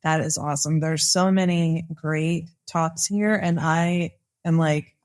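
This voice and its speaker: A woman's voice: low-pitched, steady tone, slow, a little mellow. A woman therapist hosting a podcast, chatting supportively with a guest at a live conference recording. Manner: supportive, affirming, laughs easily. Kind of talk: casual conversation.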